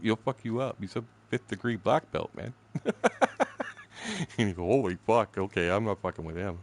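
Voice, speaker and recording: A man's voice: on the low side, brisk. A man in his sixties, a gaming streamer, telling a story in blunt, profane, casual talk. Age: 60s.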